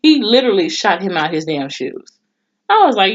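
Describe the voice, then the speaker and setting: A woman casually recapping a TV episode in a blunt, expressive way, swearing freely. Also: mid-range voice, normal speed. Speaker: TV show reviewer. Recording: dull lo-fi recording.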